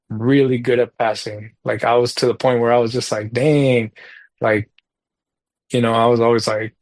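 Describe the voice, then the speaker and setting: A man talking as a podcast guest in a casual chat, rambling through a story with lots of fillers and getting animated over his frustrations. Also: mid-range voice, no echo. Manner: animated when recalling frustrations.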